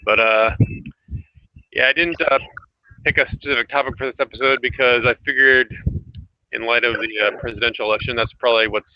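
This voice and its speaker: A man hosting a casual online group chat, talking hesitantly with many filler pauses over a home computer mic. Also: mid-range voice, fairly even intonation, no echo. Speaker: host. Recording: dry, muffled lo-fi audio.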